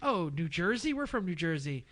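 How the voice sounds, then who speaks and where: A man co-hosting a casual podcast, telling animated stories and acting out other people's lines. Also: on the high side, moderate pace, a little hiss or hum. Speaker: podcast co-host.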